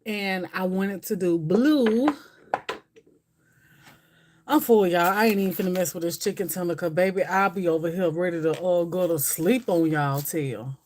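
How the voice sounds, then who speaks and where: A woman's voice: lowish voice, normal speed, a little mellow, a little hiss or hum. A woman hosting a casual livestream, chatting and rambling straight to her viewers. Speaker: livestream host. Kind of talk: casual chat with live viewers.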